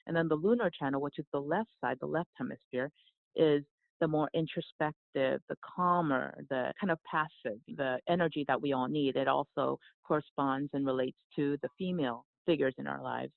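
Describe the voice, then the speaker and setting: A woman who grew up in South Korea, a yoga teacher and guest, telling a personal story in a soft, reflective way with frequent restarts. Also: low-pitched, normal speed, creaky, dry recording. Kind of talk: conversational storytelling. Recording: dry, phone-like remote line.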